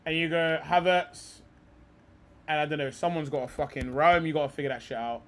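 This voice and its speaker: A man's voice: a little high, fairly even intonation, fairly quick. A young man hosting a live stream, talking football in a rambling, heated way, swearing often and calling people bro.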